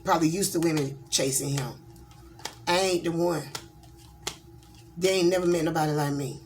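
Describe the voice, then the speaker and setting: Blunt woman with a lowish voice. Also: moderate pace, darkish tone, slight background noise. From Georgia, USA. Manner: blunt, candid, rambling with many fillers. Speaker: tarot reader. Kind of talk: casual vlog monologue.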